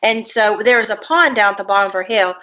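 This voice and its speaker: In dull lo-fi audio, an author appearing as an interview guest shares a personal childhood memory with earnest detail. She speaks quickly in a bright, forceful, mid-range voice.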